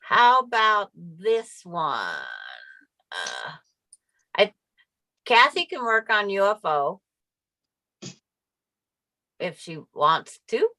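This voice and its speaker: Slow-talking bright woman crafting. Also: medium pitch, wildly swooping pitch, no room sound, poor audio. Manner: narrates what she is doing, laughs easily. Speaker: quilting co-host. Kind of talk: casual chat while crafting.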